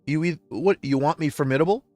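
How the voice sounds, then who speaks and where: An upset man hosts a livestream and pours out an emotional personal monologue, venting with passion and shifting between quiet, low stretches and loud outbursts. He talks fast, there's no room sound, and soft music plays behind him.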